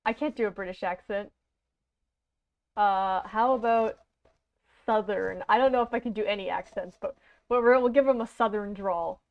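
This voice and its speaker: A woman's voice: mid-range voice, moderate pace, long pauses. A Canadian woman chatting through a game stream, rambling and poking fun at herself. Her voice sits in a plain middle range. The recording is dull and lo-fi. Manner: rambling, self-deprecating, many fillers. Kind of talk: casual let's-play chat.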